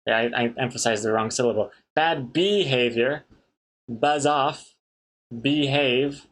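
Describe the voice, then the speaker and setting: Unhurried and fairly bright in tone, a medium-pitched male comic artist chats on his stream. He reads viewer comments out loud and laughs along with their jokes.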